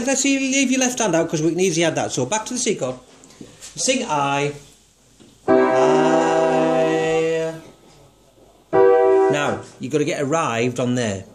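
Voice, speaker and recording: Man, music teacher, encouraging, sings notes to demonstrate, somewhat high pitch, faint piano behind. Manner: patient, encouraging, asks guiding questions. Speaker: songwriting teacher. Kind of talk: one-to-one music lesson.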